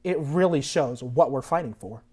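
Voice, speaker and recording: A man's voice: medium pitch, expressive, moderate pace, darkish tone, husky. Young man in bombastic comic rants. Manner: bombastic, theatrical, indignant ranting. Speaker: guest enthusiast. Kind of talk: mock talk show comedy rant.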